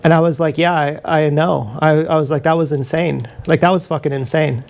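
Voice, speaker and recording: Brief: live streamer, middle-pitched voice, rambling and profane, confessional storytelling straight into an action camera. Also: steady tone, fairly quick, creaky, a little mellow. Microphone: action camera mic.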